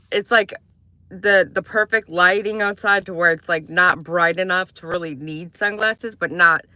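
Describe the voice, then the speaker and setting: A woman talking loosely and at length on a livestream, her voice bright and forward with a touch of tension. She drifts from one thought to the next and stops to answer comments from viewers. The sound is close and dry, with no room echo. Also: lowish voice. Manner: rambling, chatty, reads out viewer comments. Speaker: livestream host. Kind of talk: casual livestream chat.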